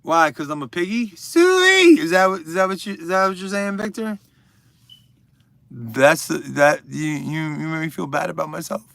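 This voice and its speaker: Gravelly joking man riffing with chat. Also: on the high side, steady tone, normal speed, fairly bright tone, no echo. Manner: joking, crude and rambling, addressing viewers by name. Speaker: livestream host. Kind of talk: casual chat reading viewer comments.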